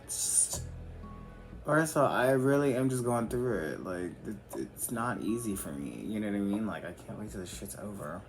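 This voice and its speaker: This man narrates a makeup tutorial in a candid, rambling chat, swearing freely while music plays. His voice is lowish with lively intonation, and he keeps a moderate pace.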